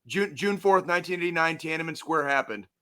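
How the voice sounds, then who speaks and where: A man co-hosting a veterans' podcast, ranting and swearing loudly through casual chat. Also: a little high, lively intonation, a little fast, clean tone. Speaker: podcast co-host.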